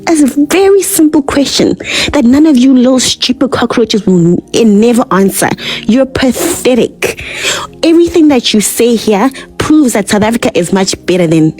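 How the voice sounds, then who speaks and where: A woman's voice: on the high side, lively intonation, moderate pace, a little mellow, faint music behind, poor audio. A woman delivering a scornful online rant, heavy with "like" fillers and insults.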